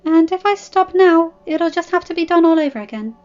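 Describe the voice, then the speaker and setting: Lady putting on a jittery little noble girl, way up high, pleading, kinda dull audio with faint music. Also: expressive, brisk, a little mellow. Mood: anxious pleading. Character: timid young noble girl, eager.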